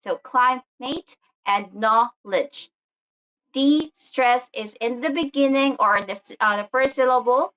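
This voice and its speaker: A woman teaching an English lesson, explaining each rule slowly and deliberately with a few fillers. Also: high-pitched, a bit bright. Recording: slightly dull lo-fi audio.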